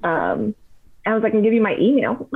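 Podcast guest: chatty young woman, animated storyteller, thin phone-like sound. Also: medium pitch, normal speed, vocal fry, breathy edge. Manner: chatty, animated retelling with lots of "like". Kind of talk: casual storytelling. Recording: tinny phone-like line.

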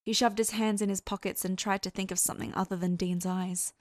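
A woman reading a fan fiction story aloud in measured storytelling, voicing the characters herself. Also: mid-range voice, level tone, no echo. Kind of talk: audiobook-style story narration.

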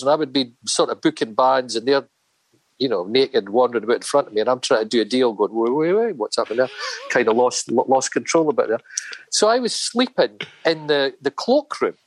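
Lively storytelling man. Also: mid-range voice, dry recording, low-quality recording. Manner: animated anecdotes with acted-out voices, laughing often. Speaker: podcast guest, filmmaker. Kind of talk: casual storytelling chat.

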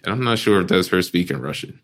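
A man's voice: deep voice, fast talker, a bit bright. A man co-hosting a casual movie review podcast, hesitant with many ums and restarts, and swearing casually. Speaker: podcast co-host.

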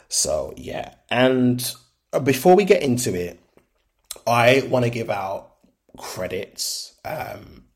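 A young man with a Birmingham accent that drifts toward London, hosting a casual solo podcast in a frank, chatty way full of ums and likes. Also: fairly low pitch. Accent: Birmingham (Brummie), shifting toward London. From Birmingham, England. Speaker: podcast host.

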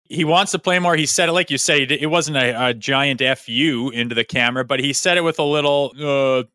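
A man's voice: medium pitch, fairly quick, pushed and bright, clear, resonant tone, dry recording, clean studio sound. A man, a former pro hockey player, giving blunt, opinionated takes in a casual sports podcast and swearing freely.

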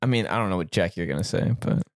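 A man's voice: deep voice, expressive, fast. A young man co-hosting a podcast, chatting playfully and laughing often. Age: young adult. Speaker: podcast co-host. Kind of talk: casual chat.

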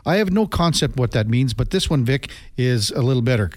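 A man's voice: mid-range voice, fairly quick, few pauses, dry recording, studio quality. A middle-aged man hosting a sports radio show, chatting casually and telling rambling stories. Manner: rambling storyteller, animated when telling anecdotes. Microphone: studio microphone.

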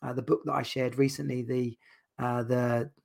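Casting: gravelly-voiced male podcast host, casual, loose delivery that trips and restarts. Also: medium pitch, flat delivery, normal speed, a little mellow. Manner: rambling with frequent restarts and repeated words. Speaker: podcast host and dads' coach. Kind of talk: casual solo podcast talk.

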